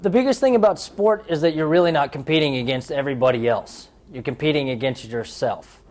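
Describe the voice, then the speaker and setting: Relaxed young man telling sports stories. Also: on the high side, a little fast. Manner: relaxed, candid storytelling with playful bits. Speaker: athlete interviewee. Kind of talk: casual interview talk.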